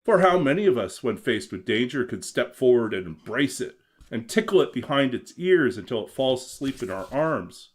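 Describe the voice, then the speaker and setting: A man with a mid-pitched voice tells a bedtime-style fairy tale in a gentle, expressive way, his pitch rising and falling widely from line to line. Between readings he drifts into relaxed, casual chat with his viewers. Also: moderate pace. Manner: expressive, gentle storyteller who swings his pitch a lot. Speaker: game streamer reading his own story. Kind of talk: storybook reading aloud, then casual chat.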